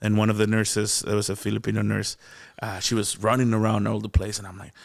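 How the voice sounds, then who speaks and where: A guest comedian with a Mexican accent tells a story in a casual interview, laughing often, acting out quoted dialogue and restarting a lot. His voice is on the low side, fast and gravelly, recorded in studio quality with no echo.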